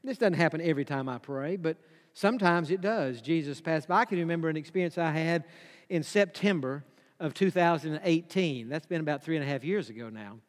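A man's voice: a little high, brisk, big-room sound. A man preaching a sermon, emphatic and repeating his key phrases for weight. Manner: emphatic, repeats key phrases, drops to a hush for quoted whispers.

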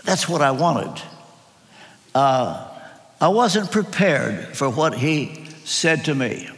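Older male pastor, sermon, slow and earnest with wide pitch swings, long hall echo. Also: animated, fairly bright tone. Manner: earnest storytelling, emphatic pauses and repetitions. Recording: long reverb of a large hall.

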